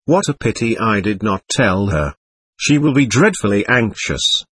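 A man reading the part of a proud schoolboy who talks quickly, gruffly and abruptly. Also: on the low side, animated, fairly bright tone, dry recording, exaggerated voice. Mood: hurried. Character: proud schoolboy, brusque and hurried.

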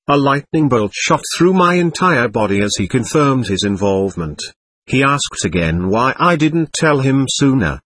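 Guy reading his own memoir, husky voice, lively pitch, dry sound. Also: no room sound. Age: 20s. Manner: earnest, measured storytelling. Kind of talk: first-person memoir narration.

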